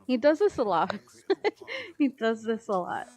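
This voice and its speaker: Excitable high-voiced woman streamer. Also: measured pace. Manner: excitable, squealing, laughs often, swears casually. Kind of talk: casual gaming stream chat.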